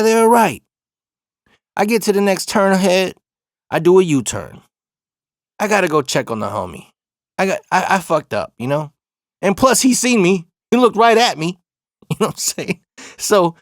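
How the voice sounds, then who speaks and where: Brief: man from Arizona, slangy, cussing storyteller, slightly high voice, dry close sound. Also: no room sound. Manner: profane, slangy, animated retelling. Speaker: storyteller host. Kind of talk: casual storytelling.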